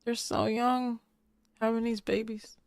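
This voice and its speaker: A woman's voice: a little high, little pitch movement, a little slow, a little mellow, no room sound. A woman hosting a casual recap show, chatty and playful, laughing often as she talks. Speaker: host.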